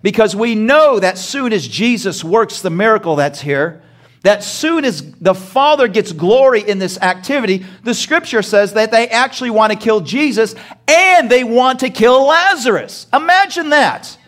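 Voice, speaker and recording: A man's voice: high-pitched, animated, normal speed, fairly bright tone. A male pastor preaching a sermon, asking the congregation rhetorical questions and acting out short dialogue scenes with humor.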